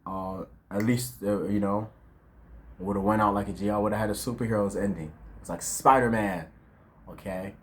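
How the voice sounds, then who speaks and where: A man's voice: lowish voice, fairly even intonation, moderate pace. A man of twenty in a casual, reflective vlog monologue, full of slang and fillers, talking outdoors at dusk. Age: 20s. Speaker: vlogger.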